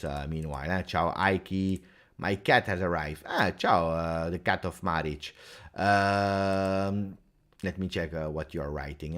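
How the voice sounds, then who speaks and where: A man hosting a livestream Q&A, chatty and animated, talking straight to his viewers. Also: deep voice. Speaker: football fan channel host. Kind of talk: livestream Q&A chat.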